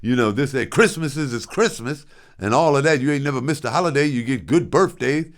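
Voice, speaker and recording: A man's voice: mid-range voice, a little fast, pitched above the performer's own voice, natural voice. A man putting on the voice of his stern, old-fashioned father lecturing his son, in a raised, firm, preachy tone. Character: stern, proud father of the older generation, lecturing.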